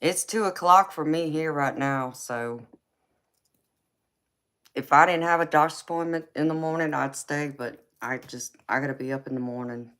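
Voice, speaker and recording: A woman's voice: deep voice, fairly bright tone. A woman with a Georgia Southern accent who hosts a late-night live tarot stream, chatting easily with viewers, calling them honey and baby and laughing often. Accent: Southern American (Georgia). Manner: laid-back, slow drawl, laughs often, calls viewers honey and baby. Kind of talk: casual live-chat reading out viewer comments.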